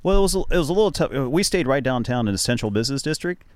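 A man's voice: mid-range voice, animated, very fast, a little mellow, no room sound. A man appearing as a guest on a radio show, chatting in a rambling, storytelling way. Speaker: guest and sports show host. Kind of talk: casual chat. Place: radio studio.

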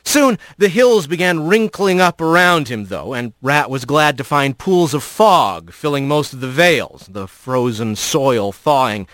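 A man narrating a storybook in an expressive, storytelling way. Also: medium pitch, unhurried, hardly any pauses, dry recording. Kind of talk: audiobook narration.

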